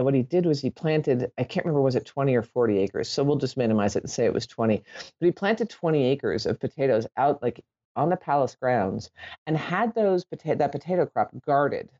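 An Irish woman talks through a casual podcast monologue, drifting between points and correcting herself as she goes. Her voice is warm and mellow, with a relaxed, loose way of swearing. The recording sounds a little dull and muffled. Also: rumbling low. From Ireland.

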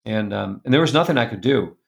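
A middle-aged man telling a personal story as a guest, earnest and confessional, going soft and quiet at the painful parts. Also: lowish voice, lively intonation, a little fast, gravelly, a little hiss or hum. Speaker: guest speaker.

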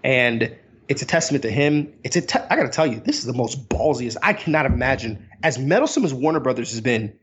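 A man in his thirties in an animated, casual movie review chat, sometimes mimicking voices. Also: medium pitch, fast talker, husky, highs cut off. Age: 30s.

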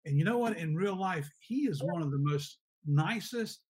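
Male guest on a video call, higher-pitched, animated storyteller. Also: normal speed, slightly rough. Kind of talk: casual interview talk.

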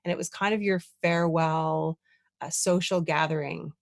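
A woman's voice: deep voice, steady tone, moderate pace, vocal fry, no room sound, studio quality. A woman hosting a podcast, an enthusiastic and affirming life coach interviewing a guest in a conversational way. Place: Toronto.

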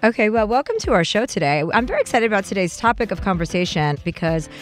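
A woman podcast host in her forties chatting casually and joking with animated asides. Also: medium pitch, fast talker, soft background music. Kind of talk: casual chat and ad reads.

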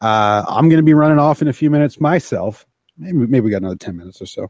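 Male host, mid-pitched, loose jokey rambling, lots of ums, live-stream chat. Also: lively intonation, darkish tone, dry recording. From Canada. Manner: rambling, jokey, halting with many fillers. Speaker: livestream podcast host.

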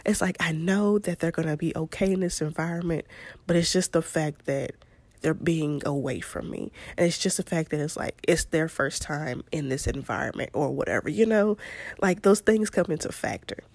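A woman's voice: low-pitched, moderate pace, no echo. A woman, hosting a podcast and telling a story in a chatty way, laughing often. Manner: chatty, laughs often, Southern-style "y'all". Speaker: podcast host. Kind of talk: casual storytelling monologue.

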